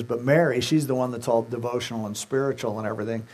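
A man's voice: medium pitch, fairly even intonation, fast talker, hardly any pauses, darkish tone. A male pastor preaching a sermon, retelling scripture conversationally and acting out the characters' words.

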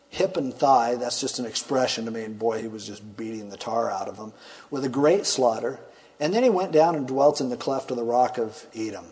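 A pastor teaching a Bible passage in an easygoing, conversational way, retelling the story with humorous asides. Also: male voice, medium pitch, darkish tone.

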